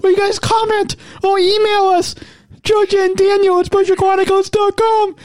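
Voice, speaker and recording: A man putting on a squeaky high-pitched joke voice to tease his co-host, playful and repetitive. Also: flat delivery, normal speed, a little mellow, no room sound. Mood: teasing.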